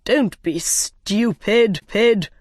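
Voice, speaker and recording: A man's voice: high-pitched, no echo, clean studio sound. A woman doing a stern, commanding king. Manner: slow, loud, commanding. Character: stern bossy king, middle-aged man, threatening.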